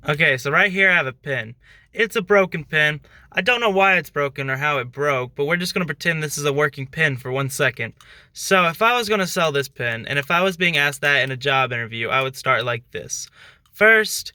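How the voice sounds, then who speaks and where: A man's voice: fairly high pitch, lively intonation, fairly quick, pushed and bright, no room sound. A young man hosting his own channel, giving a casual talk-to-camera tutorial in a loose, chatty way full of fillers. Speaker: channel host giving sales tips.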